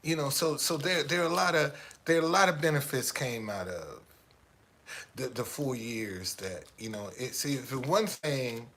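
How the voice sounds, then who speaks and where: A middle-aged man vlogging in a casual storytelling monologue, animated and streetwise, often restarting his sentences. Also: mid-range voice, normal speed, a little hiss or hum.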